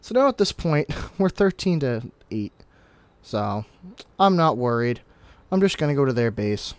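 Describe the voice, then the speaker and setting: A man's voice: medium pitch, a little slow, dry recording. Chatty young man narrating gameplay, dry close mic. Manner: chatty, explanatory, with sudden excited outbursts. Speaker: gaming commentator. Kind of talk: casual gameplay commentary.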